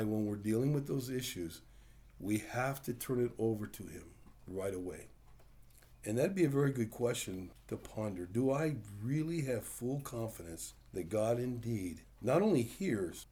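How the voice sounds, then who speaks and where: A man's voice: fairly low pitch, expressive, moderate pace, warm tone. A man preaching a conversational sermon, plain-spoken and full of rhetorical questions. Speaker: pastor.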